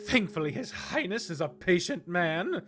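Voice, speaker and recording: A man voicing a shrill, furious middle-aged woman bishop scolding her daughter. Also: animated, unhurried, over music. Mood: snide. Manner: scolding, shouting.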